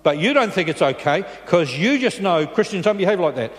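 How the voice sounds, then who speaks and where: Male pastor, sermon, conversational, checks in with the congregation, slightly high voice, long church reverb. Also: big pitch swings, a little fast.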